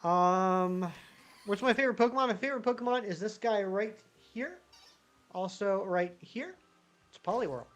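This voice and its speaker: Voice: mid-range voice, moderate pace, a bit bright. A live-streaming gamer chatting casually with viewers, rambling and answering the chat while playing.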